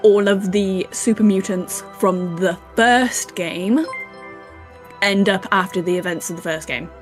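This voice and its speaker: Woman, stream co-host, casual chat, mid-pitched voice, nerdy explainer, casual swearing, faint music behind. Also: a little slow.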